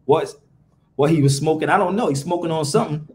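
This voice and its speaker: A man's voice: a little high, fast talker, darkish tone. A man hosting a live podcast, ranting profanely and firing rhetorical questions at his viewers. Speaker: podcast host. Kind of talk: casual live-stream rant.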